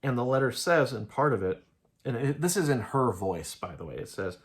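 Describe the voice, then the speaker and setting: A man's voice: medium pitch, big pitch swings, moderate pace. Rambling man breaking down an anime episode. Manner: rambling, loose retelling peppered with "like". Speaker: anime reviewer. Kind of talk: casual episode analysis.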